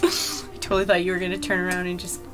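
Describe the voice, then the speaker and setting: A woman's voice: fairly low pitch, monotone, fast, over music. A woman playing in a tabletop game, chatty and joking with the table. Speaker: player. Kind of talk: casual tabletop play.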